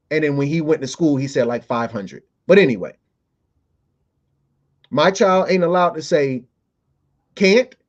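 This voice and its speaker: A man's voice: sits high, a little mellow, muffled recording. A man hosting a podcast, delivering a playful, profane comedic monologue full of fillers. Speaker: podcast host.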